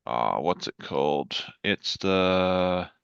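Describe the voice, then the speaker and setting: A man's voice: sits low, lively intonation, takes it slowly, gravelly, a bit bright, smooth, no room sound, dull audio. A man chatting as a guest on a livestream over a video call, enthusiastic and rambling. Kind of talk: casual livestream chat.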